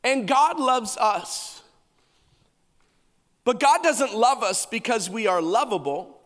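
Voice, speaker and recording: Emphatic, joking male pastor with a high voice, booming in a reverberant church hall. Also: animated, slow pace, a bit bright. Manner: emphatic, humorous preaching. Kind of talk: sermon.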